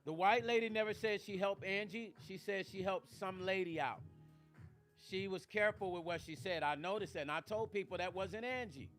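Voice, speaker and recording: A man's voice: high-pitched, moderate pace, fairly bright tone, soft background music. A middle-aged man hosting his own live stream, emotional and close to tears, speaking emphatically and directly to his viewers. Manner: tearful, emphatic, addresses viewers directly, swears. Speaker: vlog host.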